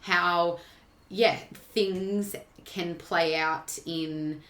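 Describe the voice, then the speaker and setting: Lower-voiced woman host, hesitant phrasing. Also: steady tone, extremely slow, fairly bright tone, reverberant. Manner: hesitant, with many fillers and "I guess". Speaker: podcast host and coach. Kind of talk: casual interview chat.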